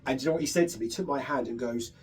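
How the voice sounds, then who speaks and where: A man's voice: medium pitch, rapid-fire, darkish tone, far from the mic, faint music behind. Chatty man hosting a radio interview. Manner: chatty, eager storyteller with fillers. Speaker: radio show host. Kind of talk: casual interview chat.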